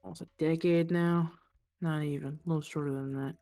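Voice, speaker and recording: A woman's voice: low voice, fairly even intonation, fairly quick, dark tone, dry recording. A woman voicing a tired, bitter servant woman who speaks bluntly and hesitantly in a tabletop game.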